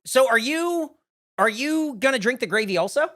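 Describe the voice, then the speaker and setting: A chatty man co-hosts a podcast, teasing his friends about bets and the weather. His voice is high, bright and sharp, swinging widely in pitch. The recording is dry and close. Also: lively intonation, moderate pace, dry recording. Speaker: podcast co-host. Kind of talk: casual group chat.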